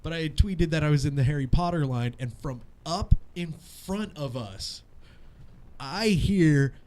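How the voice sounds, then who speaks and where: A man's voice: on the high side, measured pace. A man in his thirties co-hosting a casual radio show, telling stories in a profane, laughing way. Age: 30s. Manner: profane, laughing, animated storyteller. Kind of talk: casual podcast banter.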